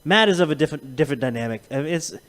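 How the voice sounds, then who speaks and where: Man, podcast co-host, lively up-and-down voice, slightly high, profane rambling chat. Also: rapid-fire. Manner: profane, rambling, animated storytelling with laughs. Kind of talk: casual chat.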